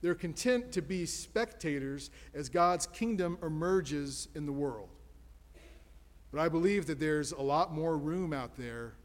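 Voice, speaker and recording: A man's voice: fairly high pitch, lively intonation, measured pace. A man preaches from the pulpit with a slightly raised, emphatic cadence, stacking rhetorical questions one after another. His voice rings out with a long reverb tail from the church sanctuary around him. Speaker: pastor. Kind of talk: sermon.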